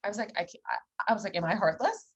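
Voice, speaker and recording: A woman's voice: mid-range voice, fast talker, lo-fi sound, slight background noise. A young woman chatting casually on a podcast, telling blunt stories and acting out the quotes. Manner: blunt, animated storytelling with acted-out quotes. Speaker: podcast co-host. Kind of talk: casual chat.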